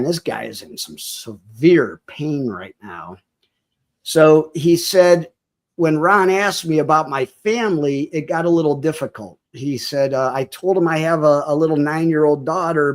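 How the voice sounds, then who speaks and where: Man with a higher voice telling a story. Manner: vivid storyteller who acts out quoted dialogue; emotional, close to tears at moments. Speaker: podcast guest. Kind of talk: personal storytelling.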